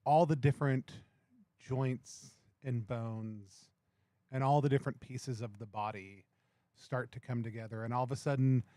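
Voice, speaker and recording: A man's voice: medium pitch, fairly even intonation, measured pace, dark tone, dry recording. Man narrating a tabletop scene, dry sound. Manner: descriptive, camera-like narration with fillers. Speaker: player narrating his scene. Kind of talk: cinematic narration of a tabletop game.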